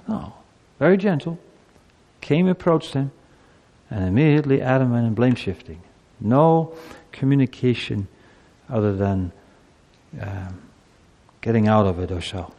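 A male preacher delivers a sermon with lively, swooping intonation. He keeps acting out short exchanges between people. His voice carries a long reverb, as if from a large hall. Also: mid-range voice, normal speed, pauses often, dull audio. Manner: animated, acts out quoted speech. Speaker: pastor.

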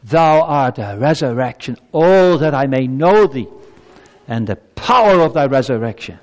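A man's voice: medium pitch, lively intonation, measured pace. A man preaching a sermon as pastor, building fervor and reading scripture aloud to his congregation. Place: church sanctuary. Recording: long hall reverb.

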